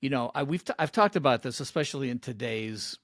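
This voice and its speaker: A man hosting a podcast, reminiscing in a halting way with frequent restarts. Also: mid-range voice, animated, fairly bright tone, no echo, clean studio sound. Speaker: podcast host. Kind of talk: casual podcast conversation.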